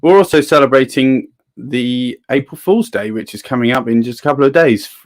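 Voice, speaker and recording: A man's voice: medium pitch, normal speed. A man hosting a livestream in casual chat and reading viewers' comments aloud. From England. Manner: chatty, reads out viewer comments. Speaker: livestream host.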